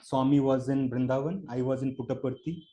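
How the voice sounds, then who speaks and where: A man tells a personal story at an online devotional session. He talks earnestly, with many fillers and pauses, and his voice rises with feeling at the story's high points. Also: fairly even intonation, mellow. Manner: earnest storytelling with many fillers, rising emotion at key moments. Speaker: devotional speaker. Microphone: online call microphone.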